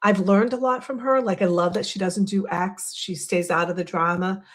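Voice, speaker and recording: A woman's voice: mid-range voice, fairly even intonation, moderate pace. A woman with a Boston accent hosting a casual livestream, chatty and rambling, poking fun at herself. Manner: chatty and rambling, self-deprecating. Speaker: livestream host.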